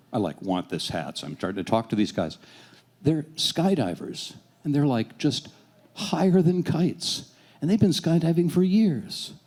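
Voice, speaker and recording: A man in his sixties telling a personal story on stage, animated, self-deprecating and swearing freely. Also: mid-range voice. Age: 60s.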